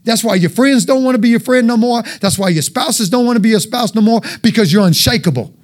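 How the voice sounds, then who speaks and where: A man's voice: extremely high pitch, lively intonation, fast. A man preaching an informal, joking sermon with call-and-response.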